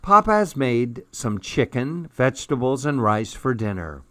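Brief: gentle male read-aloud narrator, unhurried, dry and close. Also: medium pitch, big pitch swings, dry recording. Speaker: storyteller. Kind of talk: children's storybook read-aloud.

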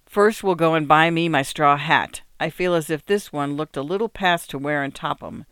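A man's voice: fairly high pitch, normal speed, a bit bright, clean tone, no room sound, studio quality. A man reading a cheerful farmer father. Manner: plain, homely country speech.

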